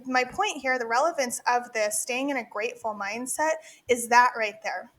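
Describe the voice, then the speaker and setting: Woman co-host, forties, candid chatty delivery, a bit higher voice. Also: fairly bright tone. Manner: candid, chatty, laughs often, many fillers. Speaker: podcast co-host, dental practice consultant. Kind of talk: casual podcast chat.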